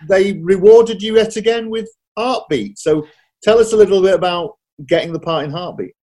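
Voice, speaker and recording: A man's voice: sits high, normal speed, mellow. A man from Yorkshire interviewing a guest in an eager, chatty way, with frequent tag questions. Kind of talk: casual interview chat.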